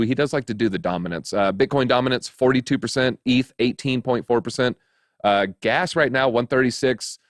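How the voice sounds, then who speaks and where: Chatting casually as host of a crypto news show, this man jokes, rambles, and leans on lots of fillers. He has a medium-pitched voice, captured in a clean, dry studio recording.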